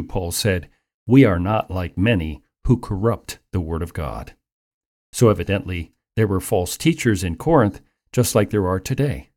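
A man preaching a Bible teaching in a measured, earnest, explanatory way. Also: fairly low pitch, darkish tone. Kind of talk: sermon-style Bible teaching.

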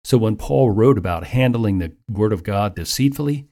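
A man preaching a Bible teaching in a measured, earnest, explanatory way. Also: lowish voice, lively intonation, warm tone. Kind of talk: sermon-style Bible teaching.

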